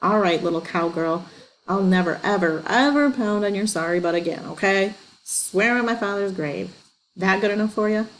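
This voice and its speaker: A woman voicing a coarse, greedy teenage bully boy with a gruff, taunting drawl, in a storybook reading. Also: medium pitch, normal speed, a little hiss or hum, close to an everyday voice, poor audio. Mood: mocking.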